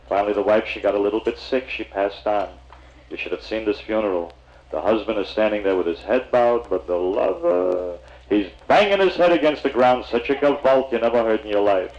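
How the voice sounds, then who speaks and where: A man's voice: fairly low pitch, a little mellow, highs cut off. A man doing a stand-up routine, chatting with the audience in a confiding storyteller's manner. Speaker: comedian and emcee.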